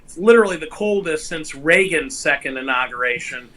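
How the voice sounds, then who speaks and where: A man's voice: a little high, expressive, fairly quick, bright, forceful tone, poor audio. A man appearing as a guest commissioner, explaining things in a matter-of-fact way. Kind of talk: casual talk show guest.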